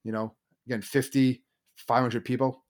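A man co-hosting a casual chat, telling a story quickly and loosely, with many fillers. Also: medium pitch, little pitch movement, darkish tone. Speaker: podcast co-host.

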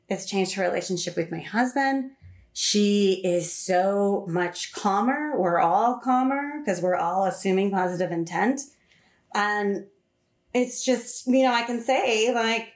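A woman chatting casually about a book and parenting, animated and quick to laugh. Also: medium pitch. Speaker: podcast guest. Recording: roomy echo.

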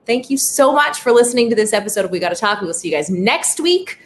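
A young adult woman hosting a podcast in casual chat, telling stories in an animated, self-deprecating way. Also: medium pitch, fast, a little hiss or hum. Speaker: podcast host.

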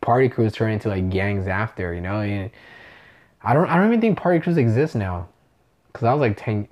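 A man's voice: lowish voice, lively intonation, a little fast, highs cut off. A drunk man rambling and swearing through a casual chat, calling his partner dude and bro.

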